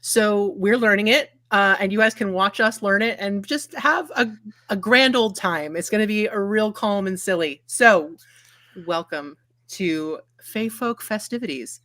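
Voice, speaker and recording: A woman's voice: mid-range voice, unhurried, fairly bright tone, no echo. A woman getting over a cold, narrating a tabletop game as game master in a chatty, giggly way.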